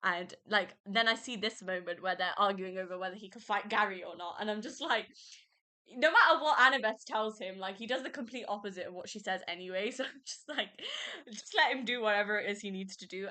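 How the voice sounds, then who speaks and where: A woman's voice: medium pitch, bright, forceful tone. A young woman hosting a podcast, chatting casually and emotionally about a book she loves, often laughing. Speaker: podcast host. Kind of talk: casual book review chat.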